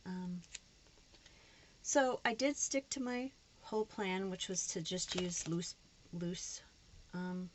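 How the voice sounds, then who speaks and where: A woman's voice: fairly low pitch, fairly even intonation, slow, pauses often, a little hiss or hum. A woman chatting casually to camera while she decorates her planner, frank and a little frustrated. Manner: chatty, frustrated, slips into put-on voices. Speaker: planner vlogger.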